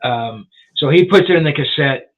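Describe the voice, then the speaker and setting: A man's voice: mid-range voice, expressive, normal speed. A man in his sixties, a rock journalist and author, telling a story as a guest in a casual interview, rambling with lots of "you know" and restarts. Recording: tinny phone-like line.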